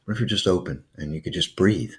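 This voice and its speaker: A man with a low, deep voice leads a slow breathing exercise. He coaxes gently and lets soft pauses hang between his words. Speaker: host guiding a calming exercise. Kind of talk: guided breathing meditation.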